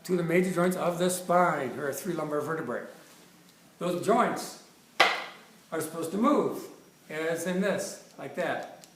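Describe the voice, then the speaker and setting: Man in his fifties, chiropractor, upbeat and jokey, stumbling restarts, fairly high voice, echoey room, distant mic. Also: expressive, measured pace, pauses often, noisy background. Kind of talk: informal presentation with props.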